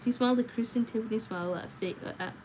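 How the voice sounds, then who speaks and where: A woman reading a novel aloud on a livestream, in a steady way with small slips and self-corrections. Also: on the high side, quick pace, slight background noise, rough recording. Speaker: livestream book reader.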